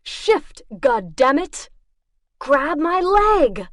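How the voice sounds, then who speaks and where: A woman's voice: fairly high pitch, expressive, slow pace, no echo, studio quality. Tense, commanding man giving urgent orders, voiced by a woman narrator. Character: tense man trapped below, commanding, controlled.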